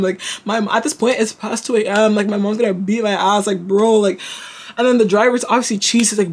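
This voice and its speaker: A young woman from Canada, telling a storytime to her vlog audience in an animated, slangy way full of fillers. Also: mid-range voice, quick pace, slightly rough. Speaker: vlogger. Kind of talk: casual storytime.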